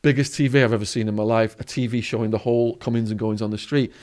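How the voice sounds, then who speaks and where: A man's voice: on the low side, steady tone, fast talker, darkish tone. English man telling a vivid story. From England. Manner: vivid storyteller, acts out quoted voices. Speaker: podcast guest. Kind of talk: storytelling interview.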